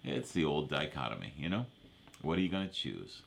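Man, pastor, very low voice, casual sermon, repeats verses. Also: big pitch swings, brisk, vocal fry, slight background noise. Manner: repeats verses, asks for amens, conversational preaching.

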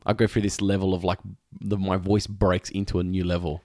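Low-voiced, easygoing Australian man. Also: a little fast, dry recording, clean studio sound. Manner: easygoing, laughs along, relaxed banter. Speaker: podcast co-host. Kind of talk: casual chat.

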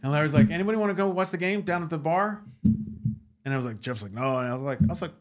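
A man's voice: fairly high pitch, racing. A man from New York, an actor and comedian, telling a story as a guest, acting out the voices of the people in it and swearing freely. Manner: animated, acts out quoted voices, swears freely. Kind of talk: casual storytelling.

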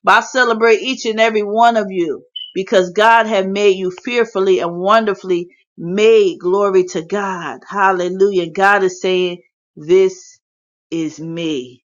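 A woman's voice: mid-range voice, steady tone, normal speed. Fervent woman preaching, hallelujahs throughout. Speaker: prayer leader hosting a faith chat room. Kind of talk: impassioned preaching and prayer. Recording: dull lo-fi phone audio.

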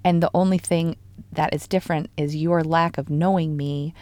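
A woman with a slightly low voice co-hosts a casual faith podcast. She talks in an animated, lively way, jumping into retold stories. The recording is dry and close. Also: moderate pace, no room sound. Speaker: podcast co-host.

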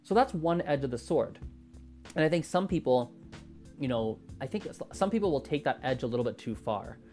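Solo podcast host, male, mid-pitched, rambling and self-correcting, faint music under the voice. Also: lively intonation, brisk, warm tone. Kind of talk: improvised solo podcast talk.

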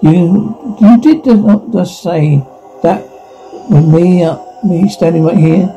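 A man reading a whole drama script aloud in a flat, stumbling way, with restarts, sound cues included. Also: sits high, takes it slowly. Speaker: reader voicing a whole drama. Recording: dull lo-fi recording with faint music.

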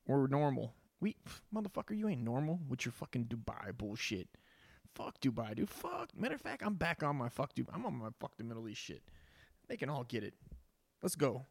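A man's voice: mid-range voice, gravelly, no room sound, clean studio sound. A man giving a rambling, profane monologue as a podcast host, tossing "dude" into nearly every sentence. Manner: crude, rambling, says "dude" constantly.

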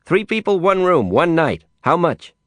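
A man's voice: a little high, very animated, a little slow, a bit bright, no echo, clean studio sound, pitched above the performer's own voice. A man voicing a short, indignant young male traveller who talks bluntly, in a storybook reading. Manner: blunt, exclaiming.

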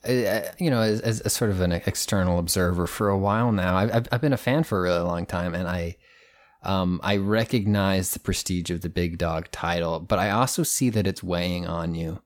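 A man chatting casually on a podcast, rambling with halting restarts. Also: low-pitched. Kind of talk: casual comedic chat.

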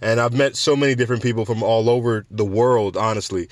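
A man's voice: mid-range voice, brisk. A young man from New York hosting a podcast, rambling through casual stories with restarts and laughs. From New York City. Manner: rambling, animated storytelling with frequent restarts and laughs. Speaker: podcast host.

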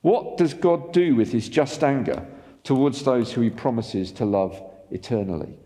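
A man preaching a sermon as pastor, animated and asking the congregation rhetorical questions. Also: medium pitch, normal speed, long reverb tail.

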